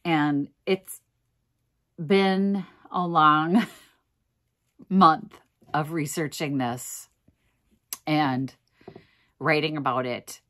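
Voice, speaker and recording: A thrift reseller vlogger from Minnesota, USA, talks casually and emotionally to camera in a low, steady, fairly bright voice. She speaks extremely slowly with frequent pauses, earnest and weary, sounding exhausted and close to tears at times.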